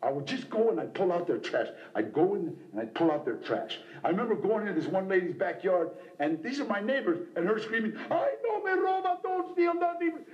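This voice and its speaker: Animated middle-aged man telling his story. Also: high voice, brisk, hardly any pauses, lo-fi sound. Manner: animated, impassioned, acts out voices. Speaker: speaker at a recovery meeting. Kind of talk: personal storytelling talk. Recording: roomy hall on cassette tape.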